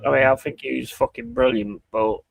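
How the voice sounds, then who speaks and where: A man's voice: mid-range voice, steady tone, brisk, creaky. A man hosting a casual chat, talking bluntly and swearing freely. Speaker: podcast host.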